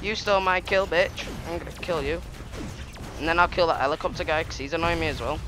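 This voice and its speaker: A man giving excitable, trash-talking commentary over his gameplay, laughing often. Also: a little high, fast talker, noisy background. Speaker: gaming YouTuber.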